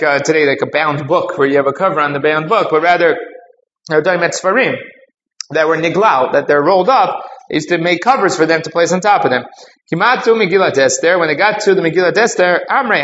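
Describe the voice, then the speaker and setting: A man's voice: on the high side, fairly bright tone. A man giving a Talmud class, explaining step by step, mixing in Hebrew and Aramaic terms and often asking "right?". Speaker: rabbi teaching Talmud. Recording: roomy, dull audio with faint ambient noise.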